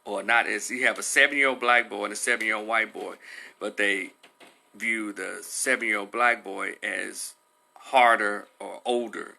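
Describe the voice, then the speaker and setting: A man talking loosely on a livestream, rambling with many fillers and animated retelling. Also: fairly low pitch, normal speed, vocal fry. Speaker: livestream commentator. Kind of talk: casual livestream commentary.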